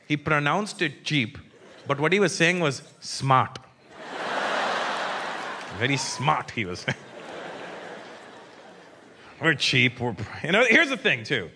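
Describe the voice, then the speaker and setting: A male stand-up comedian performing a brash, profane set and acting out characters in quick quoted voices, live on stage. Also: a little high, big pitch swings. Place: large theater with a live audience. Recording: live stage recording with crowd noise. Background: audience laughter.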